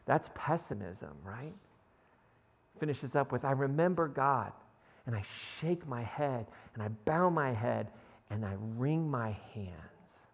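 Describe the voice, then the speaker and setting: A man's voice: mid-range voice, animated, slow, creaky, slightly rough, big-room sound, dull audio. A man preaching a sermon in a conversational way, often checking in with his listeners and reading scripture aloud. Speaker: pastor. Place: church sanctuary.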